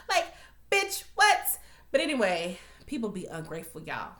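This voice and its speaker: A woman's voice: fairly high pitch, normal speed, echoey room. Blunt, profane woman ranting a TV recap. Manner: animated, blunt and profane, talks straight to viewers. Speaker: TV recap vlogger. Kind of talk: casual profane recap rant.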